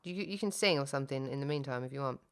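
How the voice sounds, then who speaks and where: A woman with a low, smooth and resonant voice co-hosts a relaxed podcast. She talks in a chatty, rambling way, breaking off mid-sentence and poking fun at her own slips. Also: very fast. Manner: chatty, self-interrupting, laughs at herself. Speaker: podcast co-host. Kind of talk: casual podcast chat.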